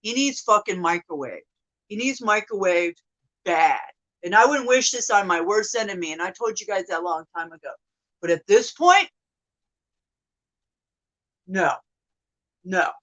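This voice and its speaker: A woman in her thirties venting to her viewers in an upset, profane monologue that swings from loud outbursts to hushed mutters. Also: medium pitch, lively intonation, normal speed, poor audio. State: upset, emotional. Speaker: vlogger.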